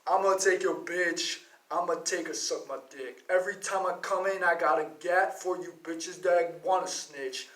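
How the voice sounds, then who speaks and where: A man putting on a boastful, swaggering male rapper, delivering the lines in a deliberately lame, mocking way. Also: sits high, a bit bright. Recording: roomy, distant from the mic.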